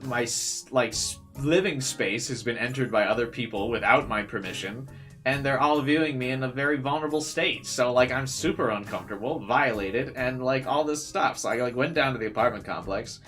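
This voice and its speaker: A man's voice: medium pitch, brisk, faint music behind. Young man telling a story, swearing. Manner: animated, swears freely, many fillers. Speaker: streamer. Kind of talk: casual storytelling.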